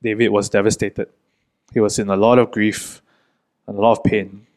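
A man preaching a sermon in an earnest, gentle way, pausing often between short phrases. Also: on the low side, little pitch movement, low-quality recording.

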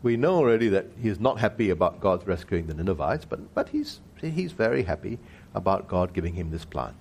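A man giving an expository Bible teaching who keeps asking his listeners rhetorical questions and slows down to stress key words. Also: deep voice, sing-song, creaky, a little mellow, a little hiss or hum.

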